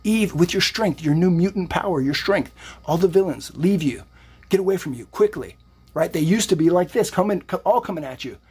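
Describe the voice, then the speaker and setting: Husky higher-voiced man, upbeat motivational streamer, rambling tarot talk between lifts. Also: animated, brisk, darkish tone. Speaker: psychic and fitness streamer. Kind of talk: casual live-stream talk.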